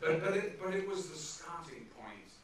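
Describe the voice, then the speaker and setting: Animated male storyteller in a theatre. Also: fairly high pitch, moderate pace, a crowd in the background. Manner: animated storyteller acting out quotes. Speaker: guest speaker at a film screening. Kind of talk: onstage anecdote telling. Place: large theatre hall. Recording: echoey theatre from far off.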